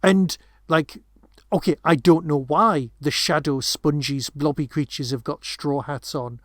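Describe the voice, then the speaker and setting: Guy rambling about a movie, kinda high voice, dry close mic. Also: fairly even intonation, a little slow, no room sound. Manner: rambling, many restarts and asides. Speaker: podcast co-host. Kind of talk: casual film discussion.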